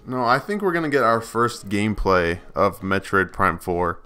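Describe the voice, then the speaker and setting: Soft-spoken, lower-voiced young man. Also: big pitch swings, moderate pace, smooth, soft background music. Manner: agreeable, hesitant, many fillers. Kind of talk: casual gaming chat.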